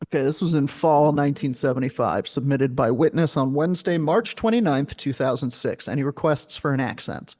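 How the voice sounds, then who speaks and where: A man's voice: mid-range voice, fairly quick, hardly any pauses, a little mellow. A man hosting a comedy podcast, reading sighting reports aloud and riffing with jokey asides. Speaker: podcast host.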